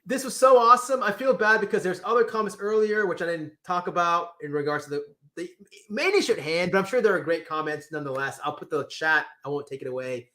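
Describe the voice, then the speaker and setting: A man hosting a casual livestream, reading chat comments with lively exclamations and repeated words. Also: high voice, quick pace. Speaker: livestream host.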